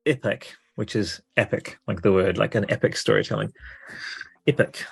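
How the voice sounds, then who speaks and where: A man's voice: lowish voice, flat delivery, fairly quick, gravelly, husky, no echo. A man with an Australian accent, co-hosting a podcast in a casual, rambling and enthusiastic way with many fillers. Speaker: podcast co-host. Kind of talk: casual chat.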